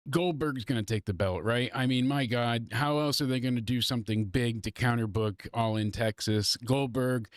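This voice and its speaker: A man's voice: mid-range voice, normal speed, few pauses, dry recording. A congested man hosting a live stream, talking loosely and profanely in casual chat. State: congested from allergies. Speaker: wrestling review livestream host.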